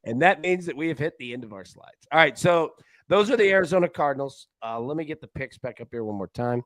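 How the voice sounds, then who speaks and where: A man hosting a sports betting talk show, chatting casually with a voice that jumps up and down in pitch. He tells stories in an animated, rambling way, often restarting mid-sentence. The sound is dry and close. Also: quick pace, no echo. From Tennessee. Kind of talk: casual chat.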